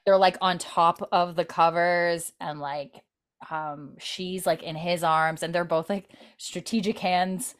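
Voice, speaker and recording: A woman's voice: on the low side, fairly even intonation, slow, clear, resonant tone. A young woman host chatting casually, retelling a TV episode in a rambling way full of "like" and "you know". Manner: rambling, filler-heavy retelling with many "like"s. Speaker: podcast host recapping a TV episode. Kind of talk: casual chat.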